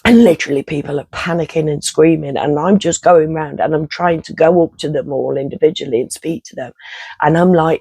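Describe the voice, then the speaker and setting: A man's voice: a little high, fairly quick, darkish tone, slightly rough, no echo, rough recording. A man, telling a rambling personal story in casual vlog style, swearing and interrupting himself often. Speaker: vlogger.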